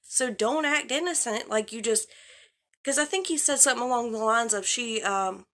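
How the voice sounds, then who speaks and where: A woman's voice: on the high side, moderate pace, fairly bright tone. A woman giving a heated, exasperated commentary rant on her vlog, swearing and talking straight at the person she is criticising. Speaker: drama commentary vlogger.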